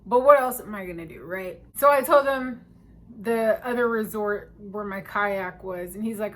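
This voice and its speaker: A woman with a fairly high voice tells a story in a casual storytime vlog. She delivers it in an animated, emphatic way, getting loud at the tense parts and dropping to a hush at others. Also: moderate pace. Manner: animated, emphatic, swings between loud and hushed.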